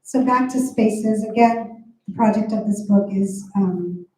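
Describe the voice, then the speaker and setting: A woman's voice: mid-range voice, measured pace, far from the mic, very noisy. A woman poet reading her poems aloud and explaining language points with chatty asides at a bookstore event. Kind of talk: poetry reading with commentary. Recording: very echoey room.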